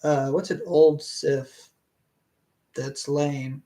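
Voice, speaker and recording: A streamer reads a fantasy novel aloud to a live chat, taking an unhurried, drawn-out pace. The reading often breaks into hesitant, rambling tangents with restarts and trailing asides, all in a casual, conversational tone. The voice is mid-range and warm, with a flat delivery.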